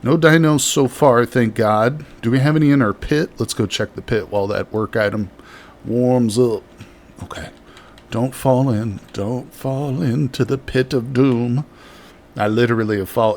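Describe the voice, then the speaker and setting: A man's voice: mid-range voice, a little mellow, a little hiss or hum. A man doing live gameplay commentary and chatting with viewers in a jokey, rambling way, from a home streaming setup with the microphone very close to his mouth. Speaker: livestreamer.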